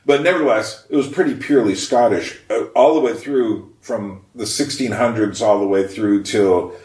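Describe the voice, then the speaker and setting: A man talking about history in a casual, reflective monologue, thinking aloud with frequent pauses. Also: lowish voice, darkish tone. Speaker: history vlogger. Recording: roomy echo, mic at a distance.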